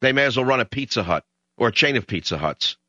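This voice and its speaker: A man with a New York accent hosting a talk radio show, emotional and combative when he gets excited. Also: mid-range voice, fast talker, dry recording. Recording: slightly dull lo-fi radio sound.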